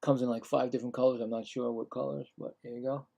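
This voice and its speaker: A man calls a baseball game live for his stream, with a gravelly, slightly fried voice at an ordinary middle pitch. He sounds tired and yawns between plays. He picks up on the calls and drifts into loose, chatty asides. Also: flat delivery, fast talker. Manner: livelier and louder on the calls. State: tired, yawning. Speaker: streamer doing play-by-play. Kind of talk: casual live play-by-play commentary.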